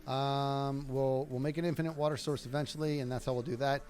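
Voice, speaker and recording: A man's voice: medium pitch, fairly even intonation, fairly quick, a little mellow. A man chatting casually to his viewers while playing a game, rambling to himself with jokey asides. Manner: rambling, self-talking, jokey asides to chat. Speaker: streamer. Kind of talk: casual gameplay livestream chat.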